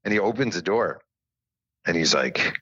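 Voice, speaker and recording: A man's voice: sits low, normal speed, slightly rough, no echo, muffled recording. A man, a guest author on a podcast, telling stories in a self-deprecating way and acting out what others said. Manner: animated storyteller who acts out quotes, self-deprecating. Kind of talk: casual interview storytelling.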